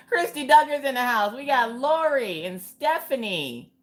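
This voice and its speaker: A woman's voice: high voice, very animated, moderate pace. A woman hosting a casual livestream chat. She greets viewers by name with playful exclamations and chatty, joking asides. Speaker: livestream host.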